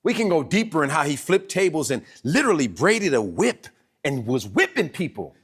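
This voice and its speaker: Southern male pastor, higher-pitched voice, lively emphatic sermon delivery. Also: moderate pace, husky. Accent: Southern American. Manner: animated preaching with laughs and emphatic repeats. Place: church sanctuary.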